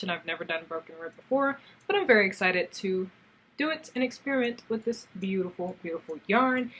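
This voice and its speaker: A young woman casually chatting in a crafts vlog, gushing and excitable as she shows off yarn and talks to it and her viewers. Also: mid-range voice, breathy edge. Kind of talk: casual haul vlog chat.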